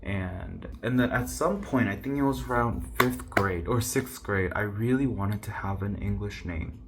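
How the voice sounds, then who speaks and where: A man's voice: fairly low pitch, a little slow, vocal fry, background noise. A Korean-born young man casually telling a personal story to camera, chatty and self-mocking. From South Korea. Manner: chatty, self-mocking, mimics others' voices. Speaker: YouTuber.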